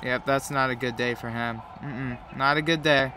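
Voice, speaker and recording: A man's voice: medium pitch, steady tone, moderate pace, background noise. A man with a cold giving profane, joking play-by-play commentary while playing a game. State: has a cold. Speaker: gamer commentator.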